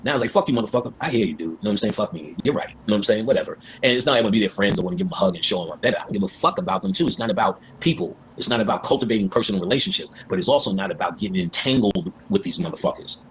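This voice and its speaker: Low voiced guy, talks quick and lively, slips into voices for the quotes, slight background hiss. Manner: animated, acts out voices in quotes. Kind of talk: casual storytelling and spiritual talk.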